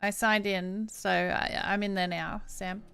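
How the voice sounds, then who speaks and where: A woman's voice: mid-range voice, flat delivery, a little slow, creaky, a bit bright, smooth. A woman streamer chatting casually with her viewers and thanking them between game lines. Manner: chatty, appreciative asides. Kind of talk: casual chat while reading a game aloud.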